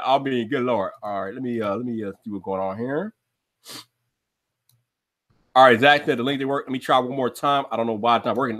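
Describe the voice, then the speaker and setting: A man's voice: mid-range voice, fairly bright tone. A man hosting a live stream, chatting casually with slang and frequent laughs. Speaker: livestream host. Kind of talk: casual chat.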